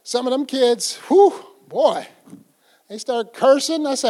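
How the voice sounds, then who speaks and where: A man's voice: very high-pitched, animated, slow, darkish tone. An older man preaching a folksy, conversational sermon, acting out little scenes as he goes. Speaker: pastor.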